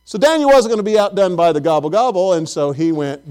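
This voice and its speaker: A middle-aged pastor with a notably high voice for a man, preaching in a homey, conversational way. He tells stories and talks straight to his congregation. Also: sing-song, fast, a little mellow, smooth. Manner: folksy, storytelling, chatty with the congregation. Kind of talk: sermon.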